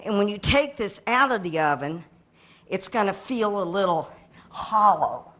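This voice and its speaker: A woman hosting a cooking segment, talking through each step of a recipe in a relaxed, chatty way. She laughs easily and keeps up light banter while she works. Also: mid-range voice, measured pace. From United States. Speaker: cooking show chef. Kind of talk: casual cooking demonstration.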